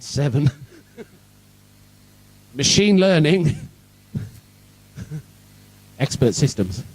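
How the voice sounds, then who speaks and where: A man's voice: medium pitch, darkish tone, recorded from a distance, low-quality recording. A man from Birmingham with a Birmingham accent, giving an irreverent, sarcastic conference talk on security and swearing freely. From England, Birmingham. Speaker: conference speaker. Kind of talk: sweary comic tech talk. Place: event hall.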